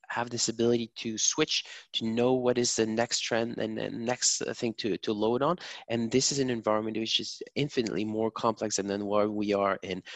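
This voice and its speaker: A man of medium pitch appears as a guest market strategist, offering financial commentary in a measured way with frequent filler pauses. The recording has no echo.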